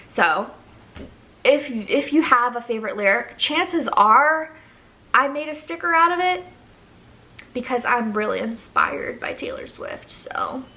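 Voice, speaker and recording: A woman's voice: fairly high pitch, expressive, normal speed, pushed and bright. A young woman vlogger chatting casually as she ranks songs, gushing and rambling with lots of ums and likes. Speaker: music vlogger ranking songs. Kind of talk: casual chat to camera.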